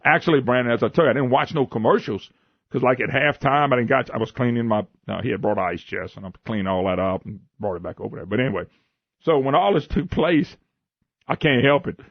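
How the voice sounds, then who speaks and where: A man's voice: mid-range voice, brisk, creaky, dry recording. A man hosting a radio talk show, telling a story with lots of laughter and retold quotes. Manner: animated storytelling, laughing, retelling his own quotes. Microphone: studio microphone. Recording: muffled radio broadcast audio.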